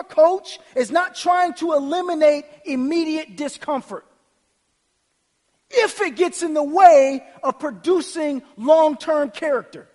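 A man's voice: extremely high pitch, long reverb tail. A man preaching a sermon, reading scripture aloud and asking his listeners rhetorical questions with emphasis. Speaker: pastor.

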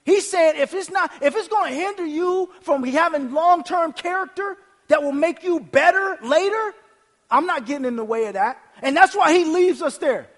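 Man preaching, very high voice, emphatic, rhetorical questions, long hall reverb. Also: normal speed. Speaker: pastor. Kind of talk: sermon.

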